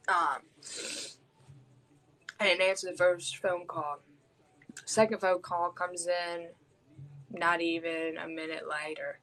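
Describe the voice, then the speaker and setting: A woman's voice: lowish voice, steady tone, takes it slowly, pauses often, fairly bright tone, low-quality recording. A woman, hosting a podcast and telling a personal story in a raw, blunt way, swearing heavily. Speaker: podcast host.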